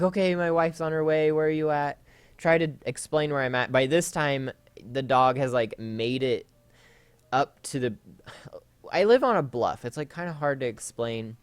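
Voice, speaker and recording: A man's voice: medium pitch, clean tone, no room sound. Rambling man telling a story over gameplay. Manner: rambling, with frequent fillers and self-corrections. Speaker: Let's Play host. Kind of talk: casual storytelling while playing a game.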